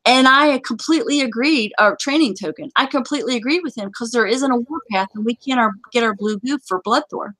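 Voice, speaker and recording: Brisk higher-pitched woman host. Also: fairly bright tone, dry recording, rough recording. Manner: brisk, emphatic, instructive. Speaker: gaming community host. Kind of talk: live stream casual chat.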